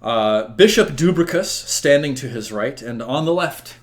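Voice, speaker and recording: A man running a tabletop roleplaying game as game master. He describes scenes at a mid pitch and fills his narration with ums and uhs. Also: animated, a little slow. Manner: filler-heavy, descriptive.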